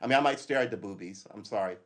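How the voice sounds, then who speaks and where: A fairly low-pitched man talks fast on his casual livestream; he's a middle-aged retired police officer. His style is blunt and foul-mouthed, punctuated by laughs and repeated false starts.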